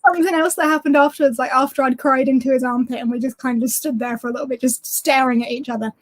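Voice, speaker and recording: A woman's voice: high-pitched, fairly even intonation, fast talker. A woman co-hosting a book chat stream, casually telling a personal story and laughing often.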